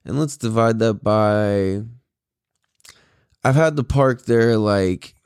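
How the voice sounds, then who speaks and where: A man's voice: lowish voice, slow pace, a little mellow, clean tone, dry recording, studio quality. A tired young man hosting his own podcast, rambling in a laid-back way with lots of swearing, fillers and laughs. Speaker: podcast host. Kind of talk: casual solo podcast monologue.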